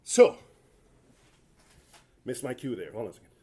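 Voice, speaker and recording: A man's voice: mid-range voice, expressive, very fast, warm tone. A man giving a tech talk at a conference, rambling and self-mocking with jokey asides. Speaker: conference presenter. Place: conference room.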